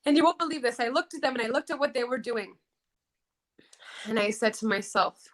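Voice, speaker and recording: A woman telling a personal story as an interview guest, emphatic and repeating key phrases slowly. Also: fairly high pitch, lively intonation.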